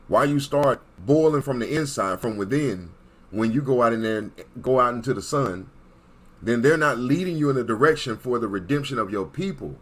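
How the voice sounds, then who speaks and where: Here a man speaks in a medium, somewhat bright voice, preaching emphatically as an online commentator. He circles back over the same points and regularly checks that his audience is following with an "Okay?"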